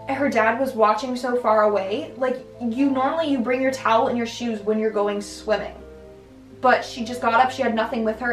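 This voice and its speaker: Chatty young woman, roomy and distant. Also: a little high. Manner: chatty, filler-heavy, lots of "like" and restarts. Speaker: vlogger. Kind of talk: casual storytelling. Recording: roomy, distant mic, faint music.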